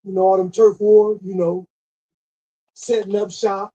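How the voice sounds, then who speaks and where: A man's voice: high-pitched, little pitch movement, measured pace, warm tone. A man delivering a scolding, repetitive commentary rant with emphatic stresses. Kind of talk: ranting monologue. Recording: dull lo-fi recording.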